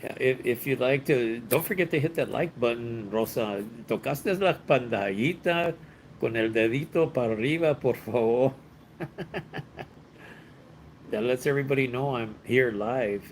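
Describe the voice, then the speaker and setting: A man's voice: mid-range voice, moderate pace, a little hiss or hum, rough recording. A man, hosting a casual livestream from a hotel room. He chats with viewers, reads their comments aloud, laughs often and mixes in bits of Spanish. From Los Angeles, United States. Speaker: livestream host. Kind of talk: casual live-stream chat reading viewer comments.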